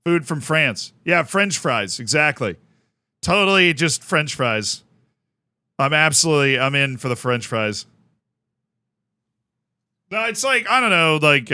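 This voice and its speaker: A man's voice: mid-range voice, bright, forceful tone, clean tone, dry recording. A young man from the United States chatting casually on a live stream, rambling and self-mocking as he thanks viewers by name.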